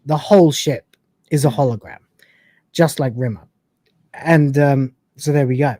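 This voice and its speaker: A man's voice: mid-range voice, a little slow, warm tone, dry recording. A man hosting a live-stream review show, retelling episodes in a rambling way with many fillers. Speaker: host.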